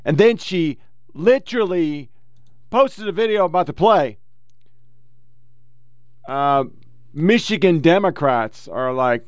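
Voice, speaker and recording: A man hosting a political podcast. He reads quotes quickly in a mocking tone and swears and heckles between them. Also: on the high side, lively intonation, dry recording. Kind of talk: profane political commentary reading quotes.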